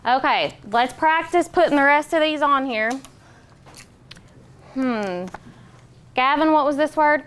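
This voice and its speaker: A woman teacher leading a phonics lesson, giving clear, patient directions and drawing out sounds slowly. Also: high-pitched, a bit bright, a little hiss or hum. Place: classroom.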